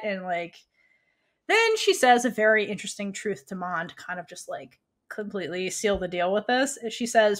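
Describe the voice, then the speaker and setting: A woman's voice: medium pitch, big pitch swings, normal speed. A woman co-hosting a podcast, chatting casually as she recaps a series scene by scene and acts out the characters' lines, laughing often. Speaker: podcast co-host.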